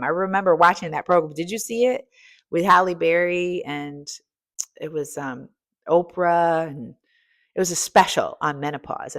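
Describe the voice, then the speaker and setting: A middle-aged American woman coach talks with a highly animated, swooping voice. She preaches in a casual, colloquial way, full of "y'all" and "ain't". She moves between quiet asides and loud, emphatic exclaiming. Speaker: coach and podcast host. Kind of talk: energetic motivational talk.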